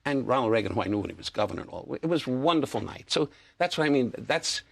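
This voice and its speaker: Older guy from new york, gravelly husky voice, talks fast and rambly, lots of restarts. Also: medium pitch, animated. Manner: chatty storyteller, restarts and repeats, acts out quotes. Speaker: guest. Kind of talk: talk-show interview.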